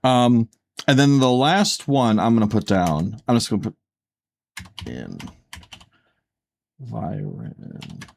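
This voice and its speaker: A man's voice: mid-range voice, very animated, measured pace, pauses often, a little mellow, slight background noise. Rambling casual podcast co-host, man. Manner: rambling, filler-heavy, self-correcting. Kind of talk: casual chat.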